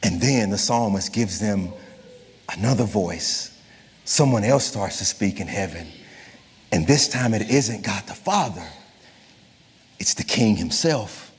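A pastor preaching a sermon with passion, repeating words for emphasis and swinging his voice from low to high. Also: animated, unhurried, long pauses, breathy edge, in a large hall. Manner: impassioned preaching with repetitions and wide swings in pitch.

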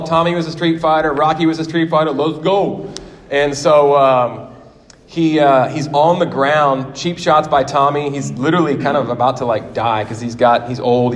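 A man in his forties preaching a sermon in a church, telling stories in a lively way and acting out quotes. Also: on the high side. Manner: animated storytelling with acted quotes. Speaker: pastor. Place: church sanctuary. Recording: long hall reverb.

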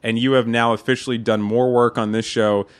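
A man with a middle-pitched voice hosts a loose podcast chat. He is tired and drinking, and he rambles. He swears freely and acts out his stories with energy. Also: a little fast, clean tone. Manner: rambling, swears often, animated retellings. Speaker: podcast host. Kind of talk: casual profane banter.

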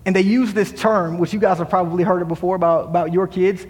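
A man's voice: sits high, fast, darkish tone, big-room sound. A man pastor delivering a sermon, quoting scripture and mixing in humorous asides. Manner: preaching with rising emphasis, quoting scripture. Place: church sanctuary.

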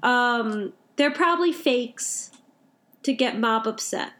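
High-voiced gushing young woman. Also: expressive, takes it slowly, fairly bright tone. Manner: gushing, heavy use of "like". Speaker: podcast co-host. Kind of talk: casual anime chat.

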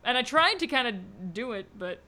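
A woman co-hosting a casual book chat, animated and quick to laugh. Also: fairly high pitch. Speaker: podcast co-host.

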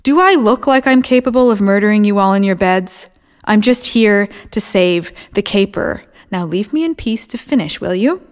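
A woman's voice: medium pitch, animated, normal speed, lightly acted. List: old woman figure played by a woman, defiant, scornful, foul-mouthed, storybook. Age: older. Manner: spitting, defiant, vulgar.

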